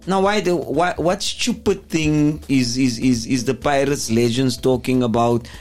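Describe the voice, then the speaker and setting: A man's voice: medium pitch, a little slow, darkish tone, faint music behind. An older man, talking as a football pundit in an emphatic, rambling way with lots of repeated words. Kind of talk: studio discussion.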